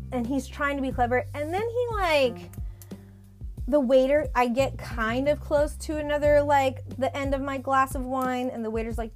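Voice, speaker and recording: A young woman telling a story in a casual rant, profane and indignant, laughing often between lines. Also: high-pitched. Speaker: storyteller recounting a date.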